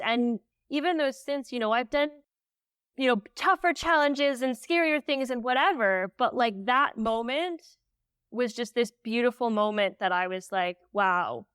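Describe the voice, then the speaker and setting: Animated woman telling a cycling story. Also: a little high, clear, resonant tone, no echo, studio quality. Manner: animated, many "like" fillers; emotional when recalling. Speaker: podcast guest. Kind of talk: candid storytelling interview.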